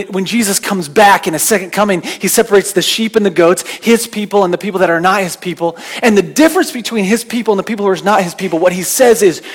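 A man preaching a sermon in a conversational, storytelling way, often restarting his words. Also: high-pitched. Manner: conversational, anecdotal, repeats words when restarting. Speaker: pastor.

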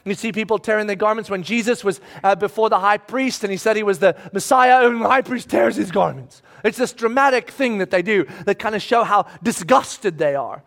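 A man preaching a sermon with a very high-pitched voice. He is animated and emphatic, and he acts out scenes with sudden shouts. He speaks as a pastor. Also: brisk, vocal fry, few pauses. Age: adult, married with children.

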